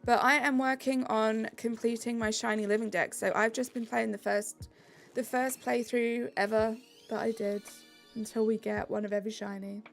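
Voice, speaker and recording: Young English woman, Southeast accent, upbeat streamer, slightly high with some vocal fry. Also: little pitch movement, moderate pace, faint music behind. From England. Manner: chatty, reads chat aloud, upbeat. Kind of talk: live-stream chat while gaming.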